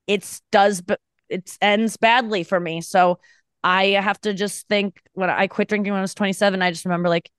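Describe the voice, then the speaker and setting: A woman in her thirties chats candidly on a podcast, rambling and poking fun at herself. Her voice sits at an ordinary pitch, and the recording is dry and close. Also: steady tone, normal speed, clean tone, no room sound. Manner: candid, rambling and self-mocking. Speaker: podcast guest, comedian. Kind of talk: casual podcast chat.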